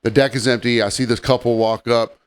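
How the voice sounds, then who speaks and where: A man's voice: medium pitch, steady tone, brisk, clean tone. A man co-hosting a podcast, telling rambling, joking stories in casual chat and chuckling often. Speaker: podcast co-host.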